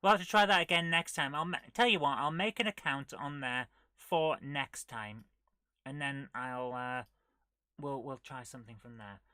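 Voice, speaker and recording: A woman's voice: very deep voice, normal speed, sharp tone, no echo. A woman hosting a casual retro gaming live stream, chatting and muttering to herself as she clicks through menus. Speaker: retro gaming show host.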